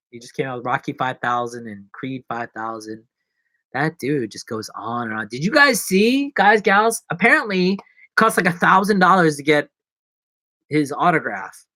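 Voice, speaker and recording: A man's voice: mid-range voice, pushed and bright, no room sound. A man live-streaming from his apartment, chatting in a rambling, jokey, self-mocking way. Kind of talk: casual live-stream chat. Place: apartment in New York.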